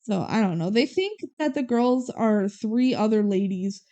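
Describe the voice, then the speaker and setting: A woman's voice: mid-range voice, lively intonation, mellow. A woman co-hosting a podcast, casually recapping a movie and acting out characters' lines as she goes. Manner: retells scenes with quick quoted voices and laughs. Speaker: podcast co-host.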